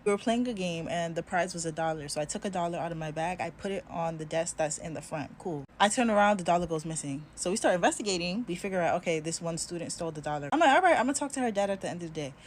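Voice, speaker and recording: A woman's voice: fairly low pitch, fast, hardly any pauses, a little hiss or hum. A woman telling a story casually and conversationally, acting out the other people in it. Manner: animated, conversational, acts out others.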